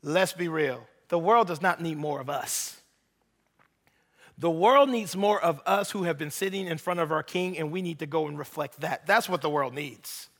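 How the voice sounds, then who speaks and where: A man in his thirties preaching a sermon, animated, acting out little dialogues and teasing the congregation. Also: a little high, moderate pace. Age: 30s. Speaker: pastor. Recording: long hall reverb.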